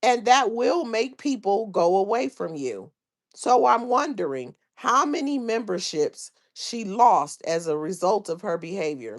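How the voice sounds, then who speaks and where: A woman's voice: mid-range voice, expressive, measured pace. A woman hosting a livestream, chatting casually about online drama and reading viewers' comments aloud in a drawling, gossipy way. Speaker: livestream host.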